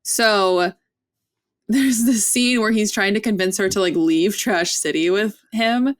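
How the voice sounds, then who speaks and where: Female guest, mid pitch, chatty and casual. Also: slow pace. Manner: chatty, retells scenes with "like" and acted quotes. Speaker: podcast guest. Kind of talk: casual book chat.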